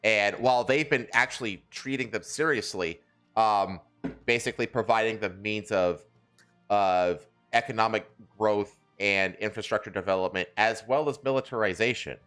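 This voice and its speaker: A man's voice: lowish voice, normal speed, fairly bright tone, faint music behind. Crude, joking male podcast host. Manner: crude, joking, laughs often. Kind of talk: casual chat reading news.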